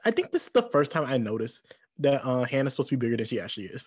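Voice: mid-range voice, sing-song, rapid-fire, husky, dry recording, dull audio. A podcast co-host chatting casually and bluntly, with frequent laughs and sassy asides. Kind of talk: casual recap chat.

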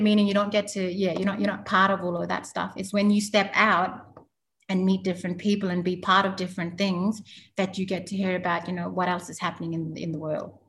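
A woman from Halls Creek in Western Australia, talking through her experiences as an interview guest in a loose, storytelling way full of "you know". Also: mid-range voice. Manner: yarning, warm-hearted, frequent fillers like "you know". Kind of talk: conversational storytelling.

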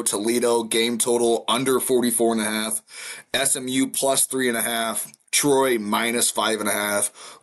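A man's voice: medium pitch, fairly bright tone. A man co-hosting a sports betting podcast, teasing his brother and rattling off picks. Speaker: podcast co-host. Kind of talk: casual sports betting chat.

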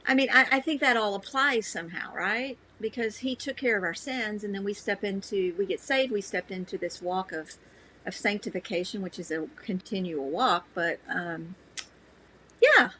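A woman's voice: mid-range voice, normal speed, bright, forceful tone, low-quality recording. A woman co-hosting a radio show in casual chat, earnest and hesitant, often repeating her words. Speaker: radio co-host.

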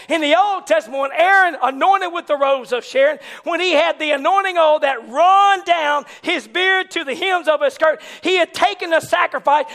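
A man preaching a fervent Pentecostal sermon, moving from low conversational talk to shouted, rousing preaching. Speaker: pastor.

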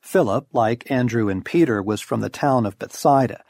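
A man's voice: mid-range voice, moderate pace, darkish tone, no room sound. A middle-aged man reading a devotional book aloud, with wry, storytelling emphasis. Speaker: audiobook narrator. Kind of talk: scripted devotional narration.

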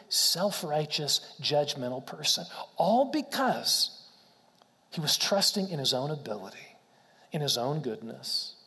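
A man's voice: high voice, in a large hall. A man preaching a sermon in an earnest way, asking rhetorical questions and often restarting his words. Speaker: pastor.

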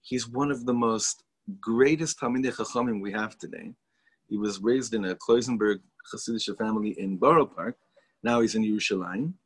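A man's voice: fairly low pitch, moderate pace, husky. A man teaching a Torah class to students, talking in an enthusiastic, chatty way and mixing in Hebrew and Yiddish words.

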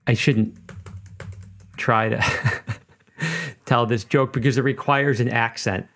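Gravelly, jokey Midwestern podcast host. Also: male voice, mid-range voice, slow, faint music behind. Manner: jokey, self-deprecating, animated. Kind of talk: casual podcast monologue.

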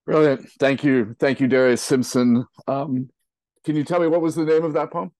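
A man hosts a radio interview in a dry, close-miked sound. He speaks appreciatively and haltingly, restarting his phrases. His pitch sits in a middle range. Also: fairly even intonation, a little mellow, no echo. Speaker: radio host. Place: radio studio.

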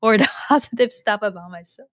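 A woman's voice: mid-range voice, brisk, a bit bright, no room sound. Candid woman podcast host, dry sound. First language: Chinese. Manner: candid, self-deprecating, many fillers and restarts. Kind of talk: casual podcast conversation.

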